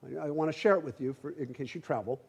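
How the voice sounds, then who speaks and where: Talking fast in a voice on the high side with a creaky, breathy edge, a middle-aged man delivers a sermon as a pastor. He builds it around a humorous personal anecdote told conversationally, frequently repeating words at the start of sentences.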